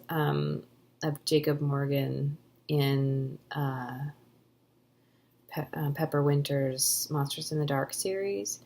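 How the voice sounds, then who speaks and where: A woman author in her thirties from the Pacific Northwest, answering questions in a chatty, enthusiastic way with many ums and breathy words that trail off. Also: low voice. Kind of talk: casual Q&A answers.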